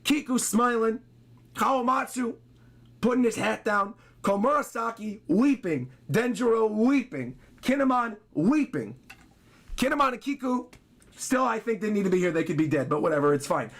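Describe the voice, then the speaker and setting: A young man streaming a live reaction to a manga chapter, excitably reading the dialogue aloud in a dramatic, drawn-out way. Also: sits high.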